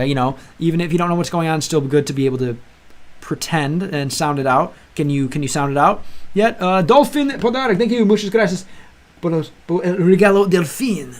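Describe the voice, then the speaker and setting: A young man hosting a language-learning livestream, chatting casually with viewers and rambling with lots of restarts. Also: a little high. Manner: rambling, restarts often, calls viewers bro. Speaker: livestream host. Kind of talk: casual chat with live chat.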